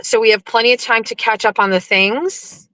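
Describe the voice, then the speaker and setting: Middle-aged lady chatting to her stream while driving, bright voice, dry close phone sound. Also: on the high side, fairly even intonation, moderate pace, no room sound, low-quality recording. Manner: chatty, greets viewers over and over, rambling asides. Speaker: livestream host. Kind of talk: casual livestream chat. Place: car, driving.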